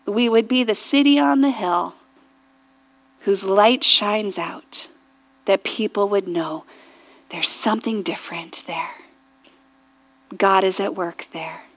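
Slow-speaking woman pastor preaching softly. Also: medium pitch. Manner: earnest and reflective, often dropping to a hushed near-whisper; rises to fervent intensity in prayer. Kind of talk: sermon.

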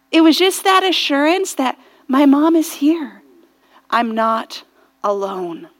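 High-voiced woman giving a slow, gentle sermon. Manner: gentle storytelling, voice drops soft on tender phrases; asks the listeners reflective questions. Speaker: church speaker.

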